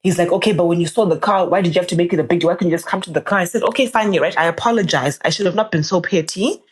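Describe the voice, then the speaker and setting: A young woman, a podcast guest telling a personal story in a casual, animated way, her voice jumping up whenever she quotes someone. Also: rapid-fire. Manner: animated, jumps up in pitch when quoting people.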